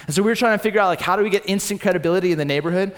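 A young adult man preaching a sermon in a church hall, telling the story with swings between loud and hushed delivery. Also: high-pitched, rapid-fire. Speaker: pastor. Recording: long hall reverb.

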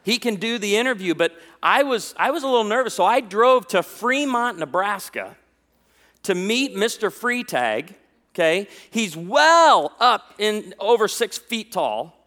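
High-voiced preacher in an echoing hall. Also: male voice, measured pace. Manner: animated storytelling with jokes. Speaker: pastor. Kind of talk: sermon.

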